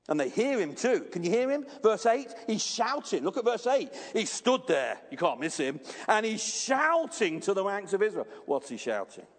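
A man preaching a sermon, telling lively stories and putting questions to the congregation. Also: high voice, in a large hall. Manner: animated storytelling, asks the congregation questions. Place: church.

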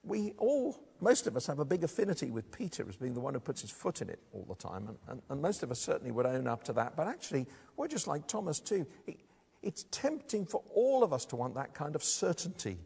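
A man gives a sermon in a church, speaking conversationally and often turning to the congregation with rhetorical questions. His husky voice swings widely up and down. A long reverb hangs behind every phrase, as in a large hall. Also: a little high, wildly swooping pitch, fairly quick, dark tone. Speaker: preacher.

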